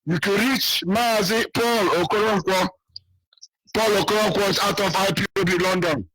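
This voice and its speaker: A man's voice: high voice, steady tone, moderate pace, fairly bright tone, breathy edge, rough recording. A man from southeastern Nigeria, calling into a radio show with an urgent, rallying appeal while losing his voice. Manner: urgent, rallying, repeats key details. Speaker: caller.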